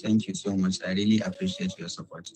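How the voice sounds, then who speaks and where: A man on a video call, speaking softly and politely, thanking people over and over. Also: deep voice, level tone, fast, poor audio. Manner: soft-spoken, grateful, polite.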